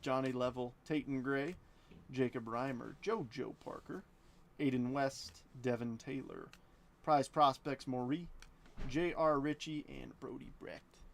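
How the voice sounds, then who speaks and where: A man's voice: medium pitch, measured pace, gravelly. A man hosting a live card-break stream from his basement, rattling off player names between jokey asides.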